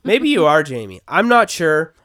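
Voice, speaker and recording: Guy co-hosting, somewhat high pitch, blunt and profane, halting delivery. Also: wildly swooping pitch, pushed and bright. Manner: blunt, swears, halting restarts. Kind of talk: casual chat.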